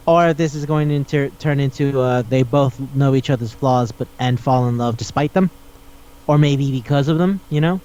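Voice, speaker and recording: A man's voice: fairly high pitch, moderate pace, darkish tone, dull audio. A man hosting a casual podcast chat, rambling and swearing as he retells scenes and acts out the dialogue. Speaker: podcast host.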